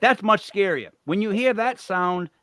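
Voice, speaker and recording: A man hosting a podcast in casual chat, animated and swearing freely. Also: high voice, unhurried, no echo. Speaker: podcast host.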